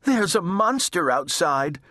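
A man voicing a timid, gentle elderly woman who frets and worries, with a high, quavering voice. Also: very animated, slow, no room sound, studio quality, heavily acted. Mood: fretful. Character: timid, fluttery older lady sister.

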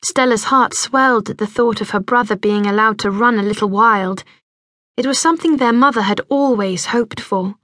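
Gentle woman audiobook narrator. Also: medium pitch, dry recording, clean studio sound. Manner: measured, gentle storytelling. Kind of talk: scripted narration.

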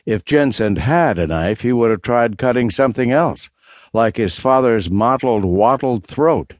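A man narrating a mystery audiobook in a steady, measured read. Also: medium pitch, dry recording. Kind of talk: scripted narration.

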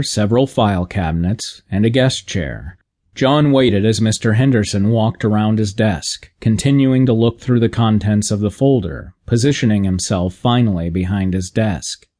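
A male audiobook narrator with a slightly low voice, reading a comic novel in a measured, deadpan way. The delivery is steady and scripted.

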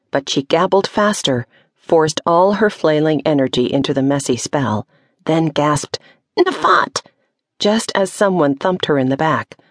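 A woman narrating a children's audiobook in a steady, measured storytelling voice with vivid emphasis, recorded close in a studio booth. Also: deep voice, no echo. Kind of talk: scripted narration. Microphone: close studio mic.

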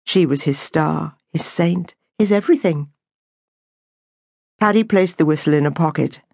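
A woman reading an audiobook novel aloud in a measured, unhurried storytelling manner. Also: low-pitched, gravelly, darkish tone, breathy edge, dry recording, clean studio sound. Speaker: audiobook narrator. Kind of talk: scripted narration.

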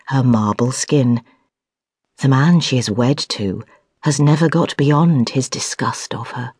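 Husky-voiced woman narrating a historical novel. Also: a bass voice, darkish tone, no room sound, clean studio sound. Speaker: audiobook narrator.

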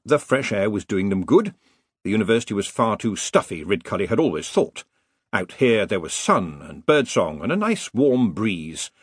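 A man's voice: on the low side, husky, dry recording. A man narrating an audiobook in a wry, dry comic storytelling manner. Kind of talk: scripted narration.

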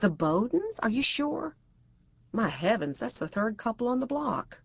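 A woman's voice: fairly high pitch, very animated, a little slow, gravelly, slightly rough, dry recording, lo-fi sound, pitched above the performer's own voice, heavily acted. A woman narrator voicing a prim, cautious middle-aged housewife who speaks properly and frets. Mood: prim, fretful. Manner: proper and fretful.

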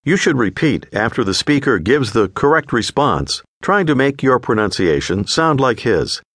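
A man narrating a language course in a clear, patient, scripted teaching voice. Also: mid-range voice, sing-song, moderate pace, fairly bright tone, no room sound, clean studio sound. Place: recording studio.

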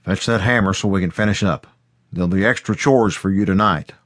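A man's voice: mid-range voice, lively intonation, moderate pace, a bit bright, pitched above the performer's own voice. A man voicing a stern, strict rural father who scolds his son in plain country grammar. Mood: firm, stern.

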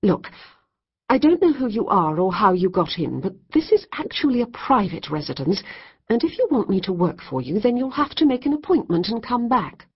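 A woman's voice: medium pitch, sing-song, moderate pace, breathy edge, lo-fi sound, pitched above the performer's own voice. A woman voicing a cross, flustered young woman painter in an audiobook. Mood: indignant. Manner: indignant, flustered.

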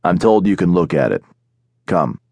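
A man voicing a gruff, mocking heavy-set caravan guard in an audiobook. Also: low voice, big pitch swings, normal speed, darkish tone, no room sound, clean studio sound, heavily acted.

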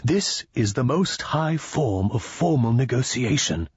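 A man's voice: mid-range voice, animated, measured pace, husky, no echo, lo-fi sound, pitched above the performer's own voice. A man voicing an anxious male diplomat in an audiobook, speaking shakily and lecturing in a tense, raised voice.

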